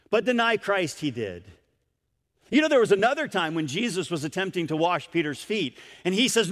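A man's voice: sits high, very animated, moderate pace, fairly bright tone, in a large hall. A man preaching a sermon in an emphatic, dramatic way, with big swings in volume.

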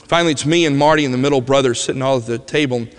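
A man preaching a personal testimony as a vivid storyteller, his voice dropping to a hush at tender moments. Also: medium pitch, racing, clear, resonant tone. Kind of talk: emotional sermon storytelling. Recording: long hall reverb.

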